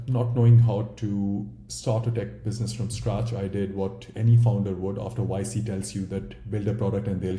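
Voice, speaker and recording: A man's voice: on the low side, mellow, reverberant. A man with an Indian accent, a startup founder talking candidly and bluntly in a casual interview, with some swearing.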